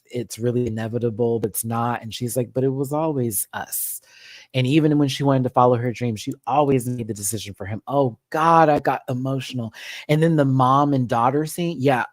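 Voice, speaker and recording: Expressive man host, casual streaming rant, swears freely, close dry mic. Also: medium pitch, no room sound. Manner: animated and expressive, swears, acts out quotes. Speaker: live-stream show host.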